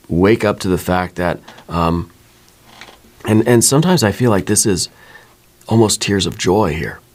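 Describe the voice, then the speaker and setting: A man giving a soft-spoken ASMR tarot reading, reassuring and unhurried, often checking in with "right?". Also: sits low. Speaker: tarot reader.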